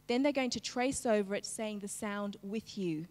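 A woman teaching a live-streamed phonics lesson, slowly segmenting each sound in a word and prompting the class to join in. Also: medium pitch, a little mellow, in a large hall. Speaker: literacy teacher.

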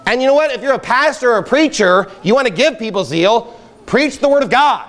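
At an outdoor campsite gathering on a church camping trip, a male pastor preaches a fiery sermon in a very high, animated voice, talking fairly quickly. He is emphatic and exhorting, rising into loud exhortation.

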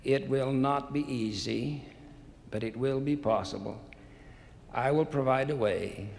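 A man reading as a calm assured mediator. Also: medium pitch, measured pace, creaky. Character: calm loving male mediator and friend. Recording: long hall reverb, faint noise.

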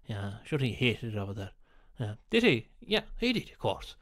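A man's voice: on the low side, very animated, normal speed, fairly bright tone, no echo, clean studio sound. A man with an Irish accent telling rambling, earthy anecdotes in casual chat, swearing freely.

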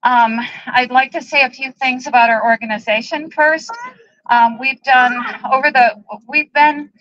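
At an outdoor protest march, the president of an animal rights group, a woman, gives a public speech to the rally. She is emotional and halting, with many ums and moments of tears, her high voice pushed and bright. The recording is dry and muffled.

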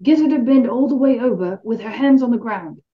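Lady doing a young guy calling up instructions, a bit higher and louder, lo-fi. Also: brisk, close to an everyday voice. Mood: urgent. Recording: dull lo-fi sound.

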